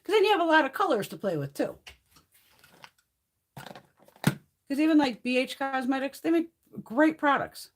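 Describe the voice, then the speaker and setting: A woman's voice: high-pitched, very animated, normal speed, long pauses. A woman hosting a casual livestream chat, swearing freely and laughing through her stories. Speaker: livestream host.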